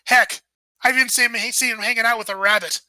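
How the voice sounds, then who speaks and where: Boastful male boss, measured, bright voice, woman voicing it. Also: on the high side, fairly even intonation, no room sound. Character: proud middle-aged male crime boss, boastful.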